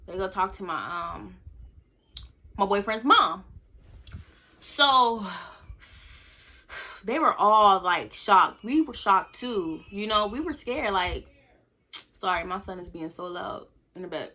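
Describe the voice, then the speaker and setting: A woman's voice: medium pitch, expressive, slow, pauses often, pushed and bright. A young woman in a casual storytime vlog, talking candidly with lots of fillers. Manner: candid, conversational, many fillers. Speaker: vlogger.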